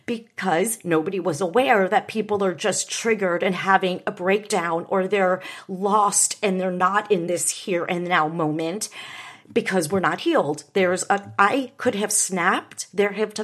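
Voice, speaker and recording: A woman author talking in an emotional monologue, emphatic and self-promoting, swinging between intense bursts and hushed asides. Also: medium pitch. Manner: says "friggin'" often.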